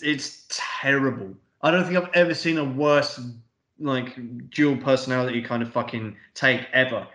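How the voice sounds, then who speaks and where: A man's voice: mid-range voice, fairly even intonation, normal speed, fairly bright tone. A man co-hosting a podcast in casual film review chat. He rambles and swears a lot, with plenty of fillers. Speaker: podcast co-host. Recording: echoey room.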